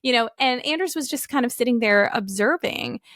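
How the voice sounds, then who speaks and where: A woman's voice: fairly high pitch, lively intonation, fairly quick, fairly bright tone, dry recording, clean studio sound. A woman in her thirties hosting a casual solo podcast, upbeat and chatty, often acting out what her family says. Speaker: podcast host.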